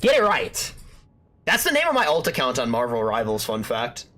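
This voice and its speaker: A man's voice: mid-range voice, huge pitch swings, normal speed, fairly bright tone, slight background noise. A young man streaming a game, chatting casually with his viewers and joking, trash-talking and bantering playfully. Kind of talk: casual live-stream chat while gaming.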